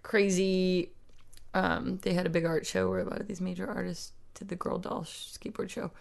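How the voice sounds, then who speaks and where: A woman chats loosely and rambles, with a gravelly, fry-heavy voice. She records in a small closet. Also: on the low side, flat delivery, normal speed. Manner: rambling, giggly. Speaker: podcast host. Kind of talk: casual chat.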